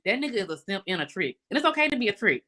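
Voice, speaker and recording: A woman's voice: medium pitch, big pitch swings, racing, bright, forceful tone. A woman chiming in with blunt, joking comments. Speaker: friend chiming in.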